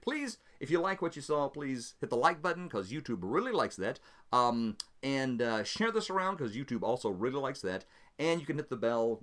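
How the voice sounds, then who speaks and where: A man hosting and narrating his solo tabletop role-playing game in a chatty, casual way that breaks into easy laughter. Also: mid-range voice. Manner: chatty, animated, laughs easily.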